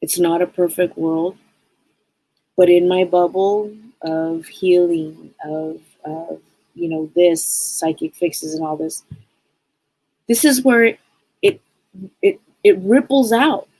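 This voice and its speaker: A woman's voice: fairly low pitch, takes it slowly, long pauses, dark tone, breathy edge, dry recording, rough recording. A woman hosting a casual live stream as a psychic, talking to viewers in an upbeat, rambling way and often repeating her phrases.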